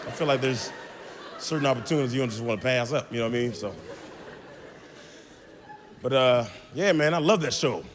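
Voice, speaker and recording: A man doing a stand-up set on stage, animated and acting out the people in his stories. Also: mid-range voice, brisk, long pauses. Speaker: stand-up comedian. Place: comedy stage. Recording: live venue with big reverb and crowd. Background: audience laughter and crowd noise.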